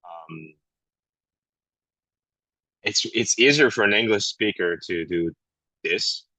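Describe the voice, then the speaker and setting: A man with a French accent, a guest actor chatting candidly on a podcast, often pausing to search for words in English. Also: fairly low pitch, sharp tone, dry recording, poor audio. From France. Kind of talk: casual podcast conversation.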